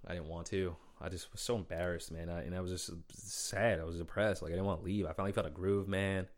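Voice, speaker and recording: A man from Minnesota hosts a podcast, telling a story solo in loose, chatty talk and often calling people "man" and "bro." His voice is low-pitched and fast, with a steady tone.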